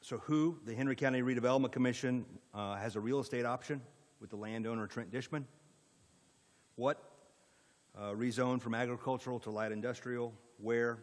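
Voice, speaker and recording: An economic development presenter with an Indiana accent lays out a rezoning proposal at a county planning meeting. His medium-pitched voice is steady and quick, he proceeds in an orderly way with frequent fillers, and the sound carries a big-room quality.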